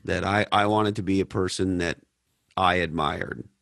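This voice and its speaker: A man's voice: low voice, steady tone, moderate pace, gravelly, a bit bright, slight background noise. A man from Canada hosting a podcast Q&A, blunt and profane, telling stories in a casual way. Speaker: podcast host. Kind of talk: casual Q&A talk.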